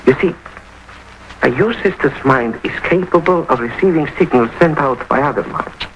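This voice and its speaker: An actor playing a professor who explains things in a measured way, in 1950s film style. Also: male voice, a little high, lively intonation, muffled recording. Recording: old film soundtrack, faint hiss.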